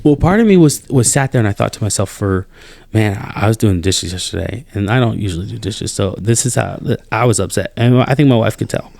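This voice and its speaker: Exasperated, animated man venting. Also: on the low side, brisk, creaky, dry recording. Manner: animated and exasperated, voice jumps up when incredulous. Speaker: podcast co-host. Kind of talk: casual chat.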